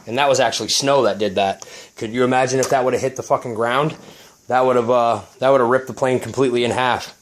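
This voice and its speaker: Man, casual vlog, agitated, swearing, halting restarts, mid pitch, indoors at home. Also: steady tone, a little hiss or hum. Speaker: RC plane hobbyist vlogger.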